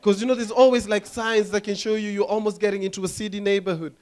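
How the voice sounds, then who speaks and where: A young man from Kenya, doing an animated stand-up comedy routine on stage, often dropping into silly voices and impressions. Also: high voice, fast. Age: young adult.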